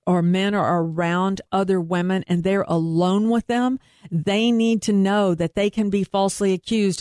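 An earnest, emphatic woman speaking as an investigator being interviewed. Her voice sits at an ordinary middle pitch. The sound is dry and close, with no room around it. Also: darkish tone, dry recording. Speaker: private investigator and guest. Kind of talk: interview conversation.

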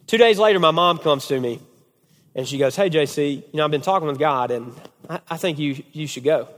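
Animated man telling a story in a reverberant church. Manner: animated storyteller, acts out quotes with big pitch swings. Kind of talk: sermon storytelling. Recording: long hall reverb.

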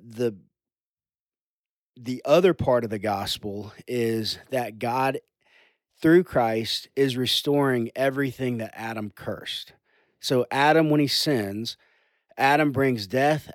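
A man's voice: medium pitch, slow, dry recording. A man, a youth pastor, talking in an earnest conversation that drifts into preaching. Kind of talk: casual conversation.

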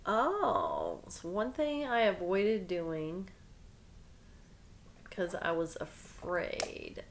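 A woman co-hosting a podcast in casual chat, reacting quickly and asking friendly questions. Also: on the low side, sing-song. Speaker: podcast co-host.

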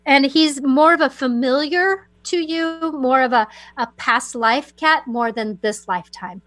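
A woman with a high, light voice gives spiritual advice to a radio caller. She speaks softly and soothingly, wanders through her thoughts and restarts often. The studio sound is close and dry. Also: unhurried, no room sound. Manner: soothing, meandering, many fillers and restarts. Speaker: psychic guest on a call-in radio show.

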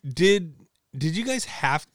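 A man's voice: fairly high pitch, big pitch swings, takes it slowly, fairly bright tone, a little hiss or hum. A man in his thirties from Ohio, chatting on a podcast in a rambling way with many fillers and swearing. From Paulding, Ohio, US. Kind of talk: casual podcast chat.

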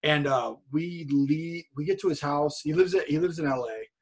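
A man with a husky, grainy voice that sits a bit high for a man tells a rambling story over a video call. He talks with energy and swears freely, and he stumbles over repeated words. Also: moderate pace. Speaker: guest, streamer and wrestler. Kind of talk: casual storytelling chat.

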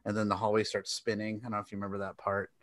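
A man's voice: lowish voice, monotone, racing, fairly bright tone, dry recording. A man co-hosting a casual arcade podcast, rambling and laughing often as he chats. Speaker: podcast co-host. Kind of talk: casual chat.

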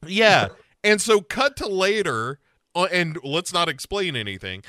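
A man chatting casually about a TV show, acting out its scenes in playful put-on voices. His voice is bright and forceful and swings widely in pitch. The sound is dry and close, with no room around it. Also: big pitch swings, measured pace, dry recording. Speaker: podcast co-host. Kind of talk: casual chat recapping a TV show.

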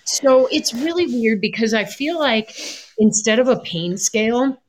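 A woman's voice: on the high side, lively intonation, a little slow. Reflective woman in casual talk. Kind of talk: casual conversation.

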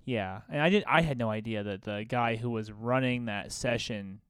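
A man's voice: mid-range voice, moderate pace, a bit bright, smooth, no room sound, studio quality. A man in a casual roundtable chat, talking loosely with lots of fillers. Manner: loose, filler-heavy, agreeable.

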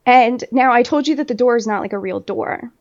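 Sex: woman. Role: podcast host. Style: casual storytelling, laughing and swearing, rambling with fillers. Pitch: somewhat high. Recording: dull lo-fi audio. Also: fairly quick. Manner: laughs often while telling.

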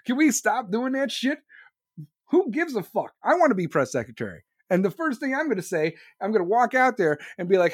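A man's voice: very high voice, sing-song, brisk, no room sound, clean studio sound. A man hosting a podcast, ranting solo in a profane, sarcastic, heated way. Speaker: podcast host.

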